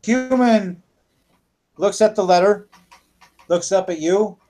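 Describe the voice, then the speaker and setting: Man, high voice, dungeon master, halting narration, lots of fillers. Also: dark tone. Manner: halting, with many fillers and restarts. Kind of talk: narrating a tabletop game.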